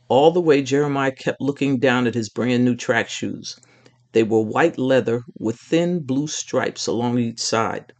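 Male storyteller, mid-pitched, steady reading of a kids' chapter book. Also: creaky. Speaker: narrator.

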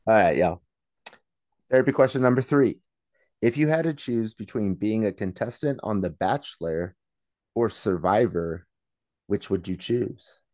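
A man's voice: on the low side, expressive, a little slow, pauses often, darkish tone, no room sound, clean studio sound. A man co-hosting a podcast in casual chat, crude and joking, laughing often. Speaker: podcast co-host.

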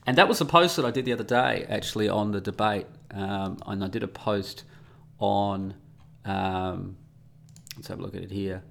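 A man's voice: lowish voice, moderate pace, vocal fry, fairly bright tone. A man hosting a casual solo podcast, talking in a sarcastic, mocking, rambling way. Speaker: podcast host.

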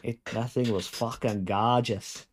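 A man's voice: mid-range voice, steady tone, measured pace. A man bantering bluntly and crudely as a podcast co-host, filling his talk with "like" and "yeah". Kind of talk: casual motorsport chat.

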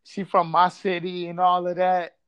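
A man's voice: sits high, monotone, moderate pace, a bit bright, clear, resonant tone. A man from Buffalo telling a casual story, swearing freely and acting out quotes. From Buffalo, New York.

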